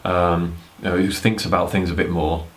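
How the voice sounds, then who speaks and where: A man's voice: sits low, level tone, moderate pace. A young man giving casual dating advice to camera, rambling and blunt, with casual swearing. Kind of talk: casual talking-head advice.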